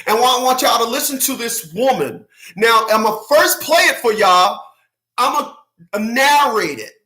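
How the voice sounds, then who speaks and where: A man hosting his own channel, ranting to viewers in loud, slangy, profane commentary and laughing often. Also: very high voice, animated, measured pace, echoey room. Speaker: channel host.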